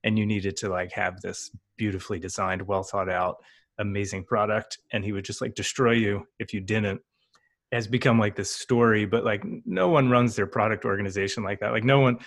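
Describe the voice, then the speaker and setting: A man hosting a podcast from his home office, chatty and jokey with quick asides. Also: on the low side, fairly even intonation, dry recording, studio quality. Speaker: podcast host. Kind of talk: casual podcast conversation.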